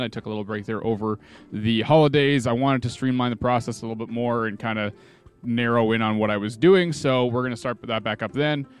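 Co-host, man, smooth resonant voice, upbeat promo delivery. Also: mid-range voice. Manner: upbeat, plugging projects. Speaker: co-host and singer. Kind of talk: casual stream announcements.

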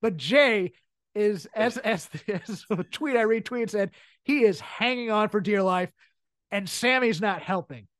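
A woman's voice: mid-range voice, expressive, unhurried, no echo. A woman co-hosting a podcast, chatting casually about wrestling comedy and laughing often as she breaks scenes down. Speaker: podcast co-host. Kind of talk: casual wrestling commentary chat.

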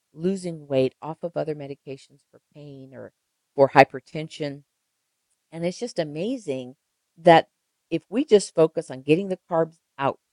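A woman's voice: low-pitched, darkish tone, dry recording, rough recording. An older woman, a registered nurse, telling stories emphatically in an interview and repeating phrases for effect. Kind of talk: conversational interview.

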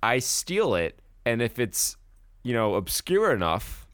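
A man's voice: mid-range voice, sing-song, slow, a bit bright, no room sound, clean studio sound. A man co-hosting a podcast, joking around in casual banter and laughing often. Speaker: podcast co-host.

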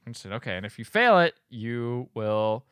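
A man chatting on a podcast, retelling a film scene by scene and slipping into the characters' lines. His voice is smooth and resonant, and his pitch moves a lot. The sound is dry and close. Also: sing-song, moderate pace, a bit bright, no room sound. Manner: rambling storyteller who acts out lines. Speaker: podcast co-host. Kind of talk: casual chat, recapping a movie.

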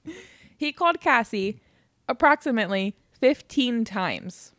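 A woman's voice: on the high side, expressive, measured pace, a bit bright, no echo. Chatty laughing woman, dry close mic. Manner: chatty storytelling, laughs often, swears. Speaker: podcast co-host. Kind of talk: casual true crime chat.

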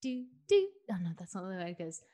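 A woman's voice: fairly low pitch, very fast. Chatty woman gushing about shows. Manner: chatty, animated, lots of "like" and "you know". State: tired. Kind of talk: casual chat.

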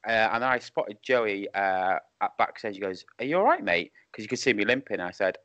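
Man, lowish voice, rambling chuckling storyteller, dull dry call audio. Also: expressive, brisk, bright, forceful tone, dry recording. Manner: rambling anecdotes with chuckles and restarts. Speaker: wrestling referee and podcast guest. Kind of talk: casual chat. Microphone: video call. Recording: muffled Skype call audio.

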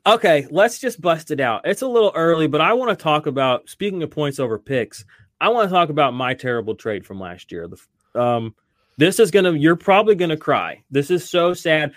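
A man's voice: fairly high pitch, fairly quick, no echo, clean studio sound. Rambling, talkative male podcast host. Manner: rambling, animated, lots of fillers and restarts. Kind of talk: casual podcast chat.

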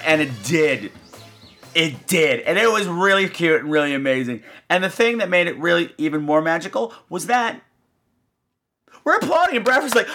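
A man's voice: high-pitched, moderate pace. A man hosting a podcast, telling a comic story and swooping in and out of voices. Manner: animated, swoops into voices and gasps. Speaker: podcast host.

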